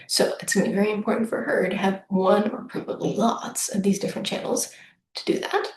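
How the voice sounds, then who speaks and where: A woman's voice: mid-range voice, steady tone, brisk. A woman coach giving a casual, upbeat solo reading, chatty and often acting out what her clients might say. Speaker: human design business coach. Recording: echoey room with faint noise.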